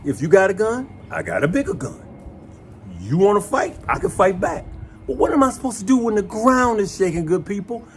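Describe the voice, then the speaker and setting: A host from tells his stories in a lively, folksy way. His voice sits a little higher than most men's. There is a faint room hum behind him. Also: a little fast. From West Side of Chicago. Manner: animated, folksy, addresses viewers as "good people" and "y'all". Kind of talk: casual chat and storytelling.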